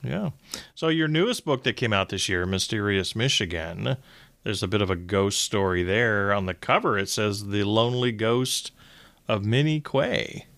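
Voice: medium pitch, expressive, moderate pace, creaky, fairly bright tone, dry recording. An interview host giving brief, supportive replies and questions. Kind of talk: casual interview chat.

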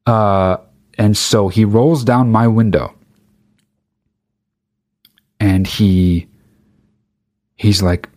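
A young man telling a casual comic anecdote, rambling and full of profanity with deadpan asides. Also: fairly low pitch, extremely slow, long pauses, no echo, clean studio sound. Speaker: storyteller.

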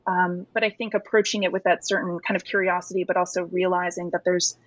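A woman author giving an interview, speaking in a measured, articulate way and pausing to search for the right words. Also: fairly low pitch, level tone, dry recording. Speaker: guest author. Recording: dry muffled remote line.

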